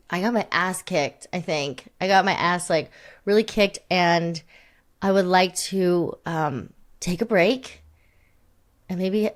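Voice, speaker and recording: A woman's voice: medium pitch, smooth. Rambling, laughing young woman co-host. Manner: rambling, self-deprecating, laughs often. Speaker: podcast co-host. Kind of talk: casual chat.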